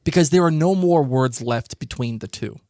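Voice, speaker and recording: A man's voice: medium pitch, normal speed, mellow, no room sound, studio quality. A man co-hosting a podcast, eagerly chatting about a TV episode, often restarting his sentences. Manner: enthusiastic, teasing, many restarts. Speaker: podcast co-host. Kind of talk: casual TV recap chat.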